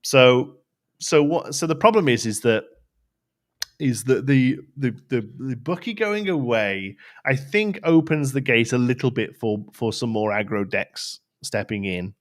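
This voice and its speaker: A man's voice: mid-range voice, lively intonation, measured pace. A man co-hosting a casual card game livestream, rambling and restarting his sentences, laughing often. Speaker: co-host. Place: home studio, livestream.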